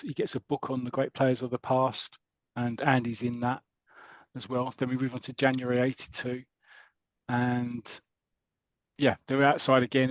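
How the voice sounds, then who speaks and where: A British man on a podcast, chatting and retelling a comic story in a rambling, lively way. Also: mid-range voice, no room sound. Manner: chatty, rambling, lively when reading out characters' lines. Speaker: podcast host. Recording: dull lo-fi audio.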